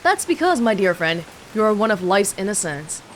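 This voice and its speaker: A woman reading aloud as a lofty, smug gentleman detective from a game book. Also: medium pitch, big pitch swings, normal speed, a little hiss or hum, close to an everyday voice.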